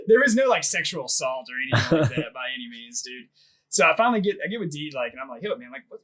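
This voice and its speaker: Male podcast host, slightly higher voice, rambling profane storyteller who laughs a lot. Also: big pitch swings, a little fast, crowd noise, low-quality recording. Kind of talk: casual storytelling chat.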